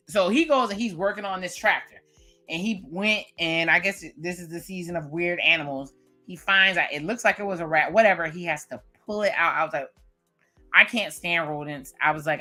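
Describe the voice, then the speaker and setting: Woman, late 30s, casual TV recap vlog, lowish pitch, bright forceful tone, animated. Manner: animated, acts out her own reactions to scenes. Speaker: TV recap vlogger.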